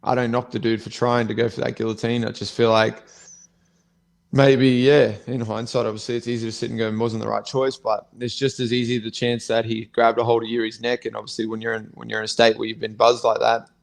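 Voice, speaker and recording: A man's voice: mid-range voice, flat delivery, brisk, vocal fry. A man, co-hosting a podcast as a fighter, talking bluntly and swearing in a rambling casual chat. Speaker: co-host, fighter.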